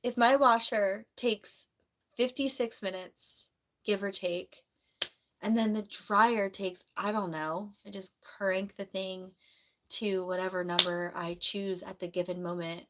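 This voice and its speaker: A woman on a casual live stream, chatting and rambling in a soft voice. She has a sore throat and keeps clearing it. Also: medium pitch, fairly even intonation, unhurried. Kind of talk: casual live-stream chat reading comments.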